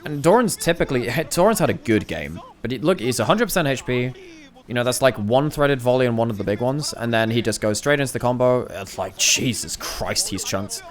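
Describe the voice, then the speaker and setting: A man's voice: mid-range voice, lively intonation, quick pace. A man giving a casual, thinking-aloud commentary review of a recorded esports match, restarting phrases as he analyzes plays.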